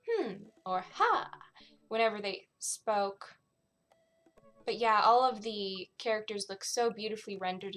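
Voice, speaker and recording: Bright-voiced young woman streaming a game. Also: a little high. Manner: chatty, laughs often, wry asides. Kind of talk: casual game commentary.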